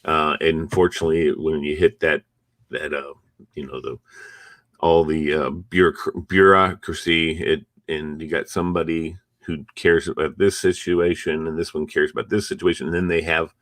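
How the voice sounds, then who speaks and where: A man's voice: rumbling low, fairly even intonation, moderate pace, fairly bright tone, dry recording, studio quality. A male host chatting in an interview and telling rambling anecdotes. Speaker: show host. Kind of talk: conversational interview.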